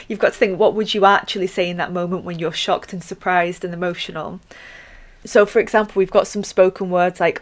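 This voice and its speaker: A woman's voice: lowish voice, fairly even intonation, fairly quick. Woman teacher explaining a student story. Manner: explains clearly, reads quoted lines aloud. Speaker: English teacher. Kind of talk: lesson commentary on a student story.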